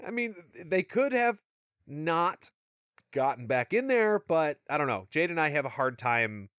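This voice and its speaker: A man's voice: a little high, sing-song, measured pace, a bit bright, smooth, no room sound, clean studio sound. A man hosting a casual book-discussion podcast, recapping the plot in a joking, chatty way. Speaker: podcast host.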